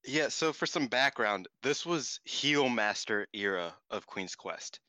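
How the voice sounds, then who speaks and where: A man co-hosting a podcast, chatting casually and excitably, laughing and swearing, his voice jumping up in disbelief. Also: mid-range voice, dry recording. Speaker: podcast co-host. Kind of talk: casual chat recapping wrestling.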